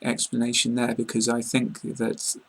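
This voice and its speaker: For learners in an online lesson, a male English teacher explains pronunciation with a southern English received-pronunciation accent. His mid-range voice is strongly gravelly and a little husky, his tone flat and even. He sounds calm and plain, peppering pauses with ums and uhs.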